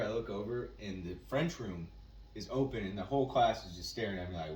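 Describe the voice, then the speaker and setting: A man co-hosting a casual podcast, telling an animated, profane story and acting out what people said. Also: lowish voice, fast. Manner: animated storyteller, acts out quotes, swears. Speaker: podcast co-host. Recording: echoey room, mic at a distance, faint noise.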